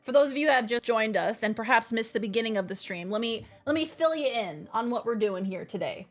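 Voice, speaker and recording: Young woman gamer chatting w her stream, jokey and goofy, kinda high voice, faint music in the back. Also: expressive, fairly quick. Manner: playful, jokey, chatting to viewers. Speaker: game streamer. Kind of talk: casual live-stream chat.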